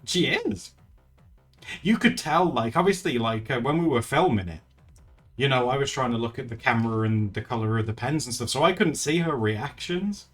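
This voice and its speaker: A man's voice: medium pitch, lively intonation, normal speed. A man chatting casually on a live stream, laughing often and retelling stories. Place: indoors at home. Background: faint music.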